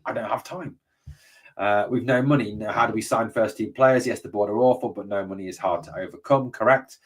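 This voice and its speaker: A blunt man hosts a live chat, swearing freely and calling viewers "mate". His voice sits low and husky. He sounds a little distant from the microphone. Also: fairly quick. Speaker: host of a fan channel. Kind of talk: live stream chat reading comments.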